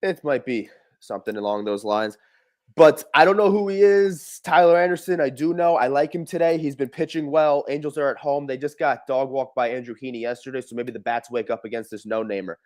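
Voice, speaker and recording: A man's voice: mid-range voice, fairly quick, a little mellow. A man co-hosting a casual morning baseball show, talking loosely and swearing as he makes his picks. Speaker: co-host. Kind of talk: casual sports talk.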